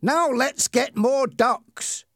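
A man voicing a cruel, menacing teenage boy bully, raised well above his own pitch. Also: very animated, slow, a bit bright, dry recording, clean studio sound, heavily acted. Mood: mocking. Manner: menacing, bossy.

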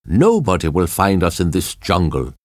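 A man's voice: low-pitched, wildly swooping pitch, normal speed, a little mellow, dry recording, clean studio sound. A man voicing a rude, selfish plane owner who complains without stopping, read in a storybook. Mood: irritated.

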